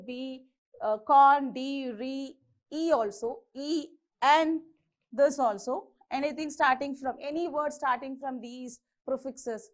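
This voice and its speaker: High-voiced woman teaching English stress. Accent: Indian English. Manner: slow, repeats each word to model its pronunciation. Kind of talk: exam-prep grammar lesson. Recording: dull lo-fi sound.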